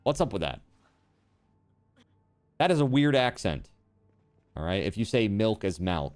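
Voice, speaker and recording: A man with a lowish, darkish voice streams a video game, chatting casually and teasing his viewers as he plays, very animated though a little slow. Soft music plays in the background.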